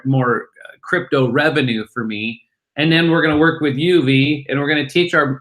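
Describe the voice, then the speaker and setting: A middle-aged man, a guest from a crypto company, talking excitedly in an interview and acting out snippets of conversation. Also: mid-range voice. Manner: excited, acts out bar chatter in voices. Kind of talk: animated interview talk.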